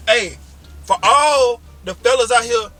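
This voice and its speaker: A man's voice: very high voice, unhurried, pushed and bright. A young man hosting a casual couple vlog from inside a car, talking in an incredulous, exasperated, teasing way. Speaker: vlog host, fiancé. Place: inside a car while driving.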